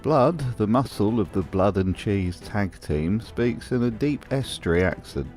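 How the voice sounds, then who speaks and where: Host, male, lowish voice, deadpan sarcastic narration over faint music. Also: a little slow. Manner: dry, mocking humour. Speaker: video essay host. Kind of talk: scripted commentary.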